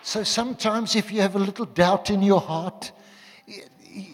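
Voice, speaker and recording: A man preaching a sermon to a congregation, animated and joking with his listeners. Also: high voice, fairly quick, breathy edge. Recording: long hall reverb.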